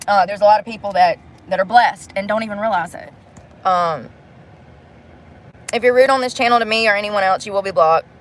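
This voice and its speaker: A woman's voice: mid-range voice, fairly quick, long pauses. A woman chatting casually on a phone livestream, blunt and profane as she vents to her viewers.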